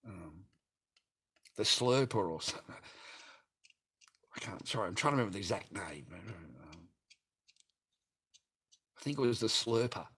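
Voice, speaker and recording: A man's voice: lowish voice, lively intonation, a little slow, long pauses, fairly bright tone, husky. A man with an Australian accent rambling through a blunt, profane story to his livestream viewers. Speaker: livestream host.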